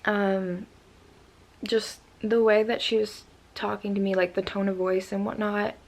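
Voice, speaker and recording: Young woman with a creaky voice rambling thru a storytime vlog, lots of "like", still shaken from crying. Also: medium pitch, little pitch movement, a little slow, darkish tone. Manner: rambling with many "like" fillers. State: upset after crying. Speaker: vlogger.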